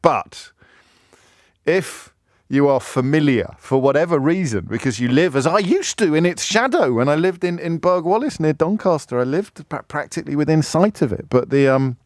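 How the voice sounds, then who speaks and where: A man's voice: a little high, animated, moderate pace, no echo. Talk radio host, English man, middle-aged, rambling and self-mocking, dry close sound. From England. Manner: rambling, self-deprecating, with many restarts. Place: radio studio. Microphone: studio microphone.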